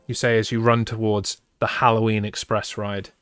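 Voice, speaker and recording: A man's voice: fairly low pitch, flat delivery, normal speed, fairly bright tone, smooth, no room sound, faint music behind. A man streaming a spooky choose-your-path story, teasing his chat playfully and mocking himself. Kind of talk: live-streamed interactive story reading with chat banter.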